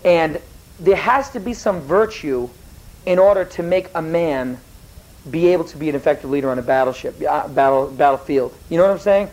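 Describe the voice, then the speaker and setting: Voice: medium pitch, normal speed, a little mellow, poor audio. Rambling teacher lecturing a class. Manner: rambling, digressive, self-correcting; asks the class questions. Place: classroom with students.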